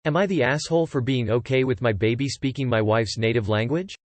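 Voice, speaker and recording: A man reading forum posts aloud in steady, matter-of-fact scripted narration. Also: medium pitch, brisk, no room sound.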